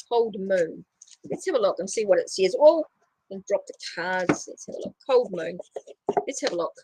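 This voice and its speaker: A woman's voice: mid-range voice, moderate pace, a little mellow, breathy edge, no room sound. A woman with a New Zealand accent giving a casual tarot reading on a livestream, thinking aloud as she draws cards. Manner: chatty, thinks aloud while drawing cards. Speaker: tarot reader.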